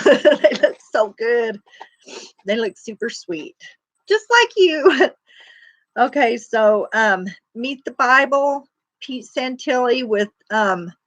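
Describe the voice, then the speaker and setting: A woman's voice: fairly high pitch, fairly bright tone, dry recording. A woman hosting a casual, faith-driven livestream, talking in a chatty, folksy, rambling way with lots of fillers. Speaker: livestream host.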